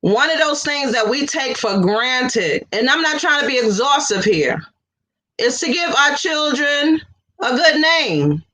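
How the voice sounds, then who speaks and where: A woman's voice: high voice, sing-song, measured pace, pushed and bright, rough recording. A woman co-hosting a casual religious talk show over a video call, chatty and laughing often. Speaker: co-host.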